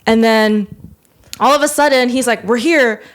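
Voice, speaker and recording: A young adult woman with a fairly high voice hosts a podcast at a moderate pace. She rambles through a long story in casual chat, filling it with fillers, especially lots of "like."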